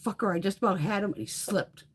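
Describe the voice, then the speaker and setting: A woman with a medium-pitched, slightly rough voice talks quickly while hosting a beauty livestream. It's casual chat, full of animated storytelling and frequent swearing.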